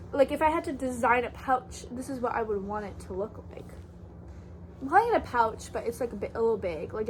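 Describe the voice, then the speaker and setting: A woman's voice: a little high, darkish tone, a little hiss or hum, poor audio. A young woman from Canada chatting casually in a haul vlog, bubbly and gushing, full of "like" fillers. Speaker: thrift haul vlogger.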